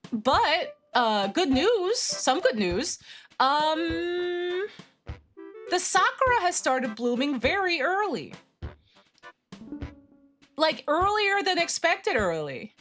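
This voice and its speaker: A young woman streamer chatting casually with viewers, animated and slangy, swinging between excitement and deadpan. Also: sits high. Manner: slangy, lots of fillers. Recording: faint music behind the voice.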